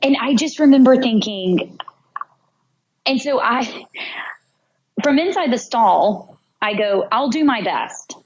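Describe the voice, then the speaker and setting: A woman's voice: on the high side, animated, takes it slowly, pauses often, muffled recording. A young woman, a podcast guest, telling a personal story vividly and acting out her own thoughts. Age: young adult. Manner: vivid narration, acts out her own inner voice.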